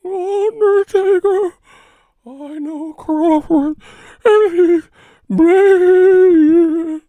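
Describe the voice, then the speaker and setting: A man doing an impression of a boxer who wails in a high, trembling, ghostly voice. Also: extremely slow, dry recording, phone-quality sound, heavily acted. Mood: wailing shriek. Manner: high-pitched trembling screams. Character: shrieking wailing boxer mimicking a ghoulish manager, adult man.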